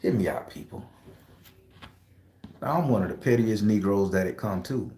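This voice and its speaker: A man's voice: on the low side, expressive, moderate pace, dark tone, echoey room, a little hiss or hum. A man casually telling a story to his viewers, profane and emphatic, speaking straight to his audience. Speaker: tarot reader and channel host.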